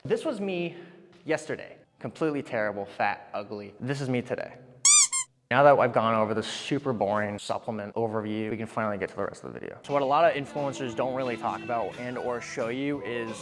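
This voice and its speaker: A young man hosting a mock fitness tutorial in a gym, talking in quick deadpan, mock-serious patter. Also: mid-range voice. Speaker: fitness parody host. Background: background music.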